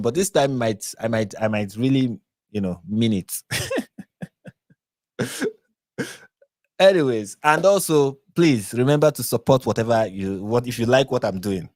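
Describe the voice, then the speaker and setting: A man with a Nigerian accent hosting a live reaction stream, chatty and quick to laugh, often restarting and correcting himself. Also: mid-range voice, darkish tone, dry recording, clean studio sound. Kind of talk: casual live-stream commentary.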